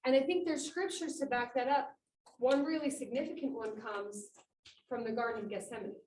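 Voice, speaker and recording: Lady giving a lively inspirational talk, highish voice, echoey room, mic kinda far off. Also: normal speed, a little hiss or hum. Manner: animated, acting out quoted speech. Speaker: conference speaker. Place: meeting room with about twenty people.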